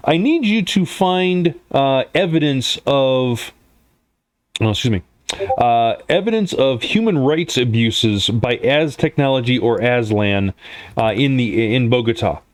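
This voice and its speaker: A man's voice: medium pitch, expressive, unhurried, dry recording, close to an everyday voice. A man voicing a polite, businesslike male fixer who hires a crew, in a plain voice with no accent. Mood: courteous. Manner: courteous, businesslike, no accent attempted.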